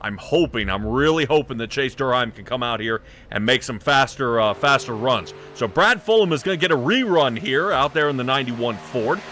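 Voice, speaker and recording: A man's voice: mid-range voice, expressive, moderate pace, hardly any pauses, pushed and bright, a little hiss or hum. A man doing casual, chatty play-by-play for a sim racing broadcast, often trailing off and laughing.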